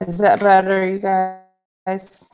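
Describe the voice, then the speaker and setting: A woman's voice: medium pitch, little pitch movement, slow pace, darkish tone, smooth, soft background music. A woman hosting a casual livestream, chatting with viewers, reading comments aloud and laughing easily. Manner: chatty, laughs often, reads chat aloud. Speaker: livestream host. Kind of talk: casual live-stream chat. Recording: glitchy livestream audio.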